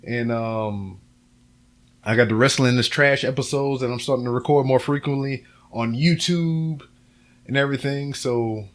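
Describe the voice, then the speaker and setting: A man's voice: medium pitch, normal speed. A man hosting his own podcast, rambling casually and profanely to camera from a home setup. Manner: loose, profane and rambling, with many fillers. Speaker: podcast host. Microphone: camera and computer setup, a little off-axis at times.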